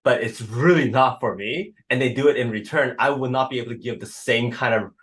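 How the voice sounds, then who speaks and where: Male host, mid-pitched voice, halting and casual, often repeats his words. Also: fairly bright tone. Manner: hesitant, repeats words, ends with "right?". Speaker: podcast host. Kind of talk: conversational interview.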